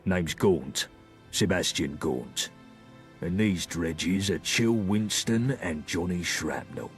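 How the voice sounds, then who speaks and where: Brief: sly London gang boss, very low husky drawl, played by a man, faint music behind. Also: lively intonation, takes it slowly, exaggerated voice. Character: smooth-talking male London gang leader.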